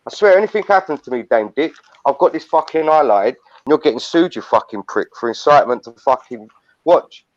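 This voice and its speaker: A man's voice: on the high side, animated, a little fast. An older man, ranting heatedly and swearing a lot on a live stream. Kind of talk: angry ranting live chat. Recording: muffled lo-fi stream audio.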